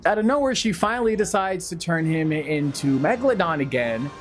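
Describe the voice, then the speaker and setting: A man's voice: a little high, expressive, brisk, soft background music. A man giving a casual film review commentary, sarcastic and swearing freely.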